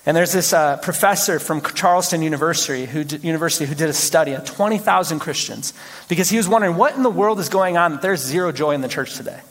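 A man preaching a sermon as pastor, telling stories with animated, rising exclamations. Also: on the high side, quick pace. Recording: long hall reverb.

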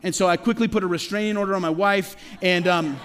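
A middle-aged man preaching a sermon as pastor, talking conversationally with rhetorical questions and quick stammered restarts. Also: high-pitched, steady tone, a bit bright, a little hiss or hum. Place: church sanctuary. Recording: long reverb of a large hall.

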